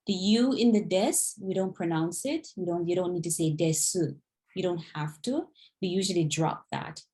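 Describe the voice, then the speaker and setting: A woman tutoring online, modelling pronunciation slowly and patiently in a one-on-one lesson. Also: lowish voice, expressive, a little mellow. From Jamaica.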